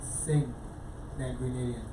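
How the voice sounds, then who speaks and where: A man's voice: medium pitch, steady tone, takes it slowly. A man, a guest DJ, giving brief and hesitant answers in a casual radio interview. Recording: roomy, distant mic, faint noise.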